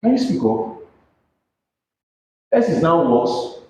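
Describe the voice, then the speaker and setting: A man's voice: on the high side, very animated, slow, mellow, roomy sound, slight background noise, poor audio. A man with a Nigerian English accent teaching a physics lesson, questioning students and coaxing them to answer aloud. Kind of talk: classroom lesson with call-and-response questions.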